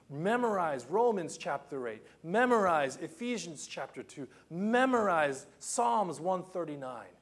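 A man with a fairly high voice preaching a sermon. He is animated and emphatic, hammering home repeated phrases, then falling to soft, hushed asides. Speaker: pastor.

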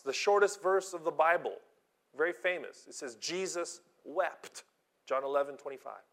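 A man's voice: on the high side, a bit bright. A man preaching a sermon earnestly, acting out the voices he quotes and often repeating himself.

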